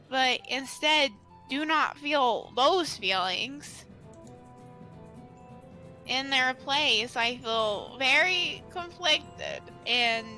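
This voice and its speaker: A woman voicing a shy, awkward and sad young male troll, speaking slowly and hesitantly. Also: sits high, pushed and bright, full character voice, low-quality recording. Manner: slow, halting, hesitant delivery. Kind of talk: voicing a character in a game playthrough.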